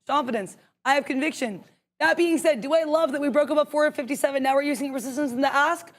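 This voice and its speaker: A young woman calls her trades aloud on a live stream, talking quickly and emphatically and pushing her voice high when she gets excited. She thinks out loud and argues with herself before committing to a trade. The delivery is fast, animated market commentary. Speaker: co-host trading live.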